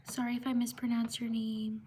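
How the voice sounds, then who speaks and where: A woman hosting a casual livestream, giving slow, unhurried shout-outs and apologizing for mispronouncing names. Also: a little high, little pitch movement, slight background noise. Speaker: livestream host.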